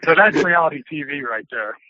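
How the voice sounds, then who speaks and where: A former wrestler, a man, telling lively anecdotes as an interview guest, acting out voices and laughing often. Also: a little high, fairly quick, background noise. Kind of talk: casual storytelling. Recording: tinny phone line.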